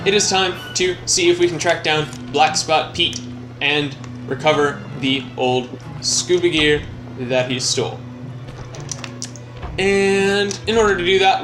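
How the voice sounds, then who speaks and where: A young man hosts a laid-back gameplay commentary, rambling and poking fun at his own playing. His voice sits somewhat high, and clear game music plays behind him. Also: rough recording. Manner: rambling, self-mocking and joking. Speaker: let's play host.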